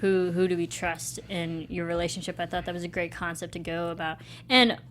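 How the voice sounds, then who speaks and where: A woman co-hosting a casual movie review podcast, bubbly and animated. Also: on the low side, a little hiss or hum. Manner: bubbly, animated, quick to laugh. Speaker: podcast co-host.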